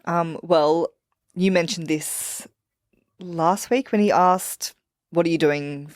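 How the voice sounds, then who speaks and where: A woman's voice: on the low side, takes it slowly, no room sound, clean studio sound. A woman guest on a podcast, chatting candidly and laughing at herself. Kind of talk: casual podcast chat.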